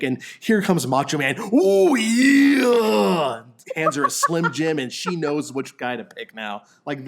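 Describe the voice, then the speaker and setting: A man hosting a casual podcast with a middle-pitched voice. He talks in an animated, jokey way and swears freely. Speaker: podcast host. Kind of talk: casual chat.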